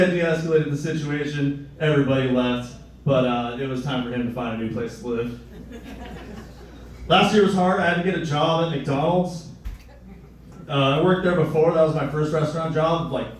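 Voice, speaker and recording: A young man doing a stand-up comedy set, crude and deadpan, with a sardonic edge. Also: mid-range voice, a little hiss or hum. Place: live comedy venue. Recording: echoey room, mic at a distance.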